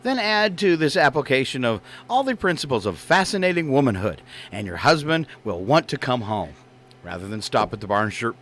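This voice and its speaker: Teasing, bright-voiced male radio host. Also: mid-range voice, big pitch swings, normal speed. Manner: teasing, chuckles often, jokey asides. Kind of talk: morning radio banter. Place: radio studio.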